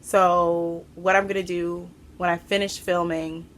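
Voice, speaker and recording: A woman hosting a craft podcast from home, chatting to camera in an excitable, rambling way and a little out of breath. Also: lowish voice, unhurried. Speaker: podcast host. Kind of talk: casual chat to camera. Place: home room.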